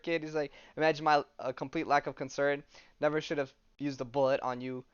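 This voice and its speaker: A man's voice: fairly high pitch, little pitch movement, fairly quick, clean tone, no room sound, muffled recording. A male podcast host casually retelling a comic story, reading the dialogue aloud with lots of fillers and swearing.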